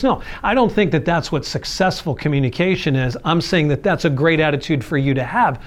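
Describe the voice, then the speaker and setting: A man's voice: a little high, lively intonation, a little fast, hardly any pauses. A man preaching a sermon in an earnest, conversational way, acting out everyday quotes as he goes. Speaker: pastor.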